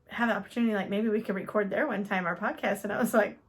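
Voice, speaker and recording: A woman's voice: medium pitch, fairly even intonation, fast. A woman co-hosting a podcast, chatting casually, giggling and chiming in. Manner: giggly, chimes in with short agreements. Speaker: podcast co-host. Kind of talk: casual chat.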